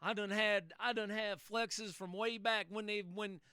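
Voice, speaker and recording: A man's voice: high voice, fairly even intonation, measured pace, pushed and bright, clean tone, no echo, clean studio sound. A man chatting over CB radio in a folksy, salty way, repeating himself. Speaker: CB radio operator. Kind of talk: CB radio chat.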